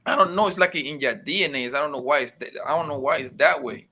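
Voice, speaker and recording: A man's voice: fairly high pitch, quick pace, bright, forceful tone, a little hiss or hum. A man chatting loosely on a livestream, rambling with plenty of profanity. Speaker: livestream participant. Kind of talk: casual livestream chat.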